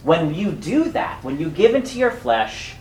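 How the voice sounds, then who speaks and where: A woman's voice: on the low side, very animated, measured pace, darkish tone, roomy sound, a little hiss or hum, low-quality recording. A woman preaching a sermon with a teacherly manner, explaining points step by step to a congregation.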